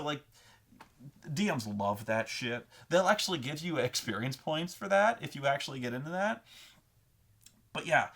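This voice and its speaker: A man hosting a casual monologue on tabletop role-playing, rambling and profane, slipping into quick character voices as he explains. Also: mid-range voice, a bit bright. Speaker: host of a tabletop gaming advice show.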